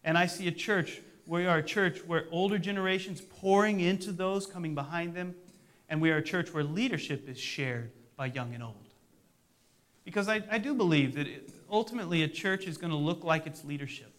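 A man's voice: fairly high pitch, brisk, a bit bright. A middle-aged male pastor preaching a sermon in a conversational way, with self-deprecating humor.

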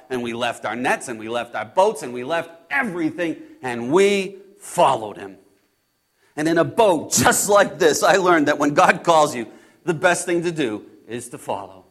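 A man playing Peter, a hot-tempered fisherman, telling his story in the first person with halting, repeated words, hushed one moment and loud and exasperated the next. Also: mid-range voice. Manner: swings between hushed awe and loud exasperation. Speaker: actor in a first-person biblical monologue.

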